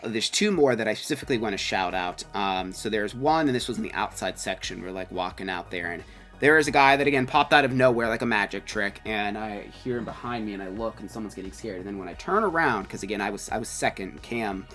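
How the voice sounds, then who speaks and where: A man chatting about a haunted house, retelling scares with animated energy and plenty of fillers. His voice sits low but swings widely in pitch, with a bright edge, and faint music plays underneath. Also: fast talker. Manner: animated storytelling, many fillers. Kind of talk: casual review chat.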